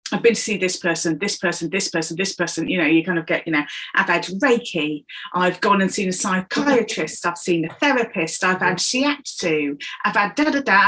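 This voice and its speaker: Lively woman acting out inner voices. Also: medium pitch. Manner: animated, acts out inner voices in quoted asides. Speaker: guest, coach and comedian. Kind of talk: conversational interview, explaining ideas.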